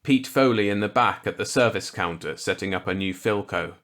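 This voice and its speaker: A man narrating a grim short story in a measured, deliberate way. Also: fairly low pitch, a bit bright. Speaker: audiobook narrator. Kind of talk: scripted narration.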